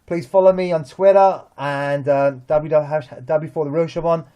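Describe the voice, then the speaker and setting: Young london guy talking football, animated, keeps restarting, slightly high voice. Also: moderate pace, smooth, highs cut off. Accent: London English. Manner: animated, repeats words, many restarts. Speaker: vlog host. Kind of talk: casual football chat.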